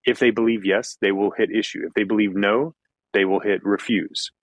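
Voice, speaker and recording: A man from Kentucky with a General American accent, a former visa officer calmly explaining in an interview and repeating his key points. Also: fairly low pitch, moderate pace, dry recording, low-quality recording. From Kentucky, USA. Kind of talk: interview answers.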